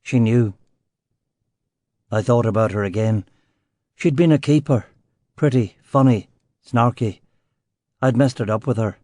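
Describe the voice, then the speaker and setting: A man's voice: mid-range voice, measured pace, long pauses, mellow, dry recording. A man narrating a first-person crime novel in a terse, dry, wry way. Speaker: audiobook narrator.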